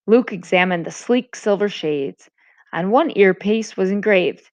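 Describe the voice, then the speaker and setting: A woman, a teacher, reading a novel aloud to a class with a brisk, expressive delivery. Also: mid-range voice. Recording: dull lo-fi recording.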